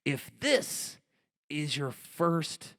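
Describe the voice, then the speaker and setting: A middle-aged American man telling profane, animated stories to a live theatre audience, swinging between hushed asides and shouted outbursts. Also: fairly high pitch, drawn-out words. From United States. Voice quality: gravelly. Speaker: spoken-word performer. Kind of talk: stand-up storytelling on stage. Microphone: handheld stage microphone.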